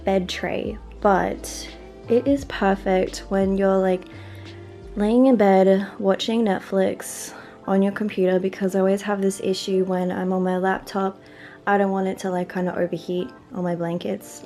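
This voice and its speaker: An Australian woman around thirty talks to her camera at home in a loose, chatty vlog style, with filler words running all through her sentences. Her voice has a gravelly, creaky texture, and soft music plays faintly underneath. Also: medium pitch. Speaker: lifestyle vlogger. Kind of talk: casual vlog narration to camera.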